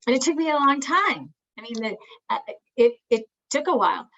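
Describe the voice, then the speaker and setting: A woman's voice: sits high, lively intonation, fairly quick, a bit bright, dull audio. A woman family therapist giving an educational talk, speaking earnestly with frequent restarts and acting out things a parent might say. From Italian family. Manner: earnest, repeats words and restarts, acts out parent phrases.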